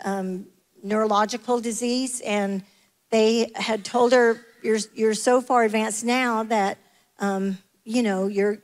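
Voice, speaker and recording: A woman giving an emotional missionary testimony as a sermon, rising at times to loud proclamation. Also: on the high side. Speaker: missionary speaker. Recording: long hall reverb.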